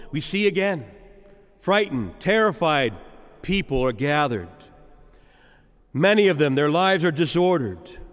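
A man preaching a sermon as a priest, with rhythmic, repetitive phrasing and dramatic pauses. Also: on the high side, big-room sound. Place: church.

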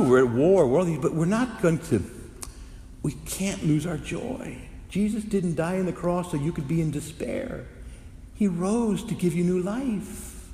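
A man who is a Catholic priest, preaching a sermon with lively storytelling that swings from hushed to loud. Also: medium pitch. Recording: echoey hall with faint noise.

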